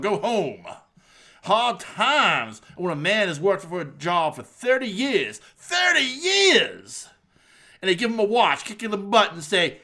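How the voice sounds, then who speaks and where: A man doing an impression of a brash, boastful male pro wrestler, with a slow, drawn-out, preacher-like delivery. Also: sits high, pushed and bright, exaggerated voice.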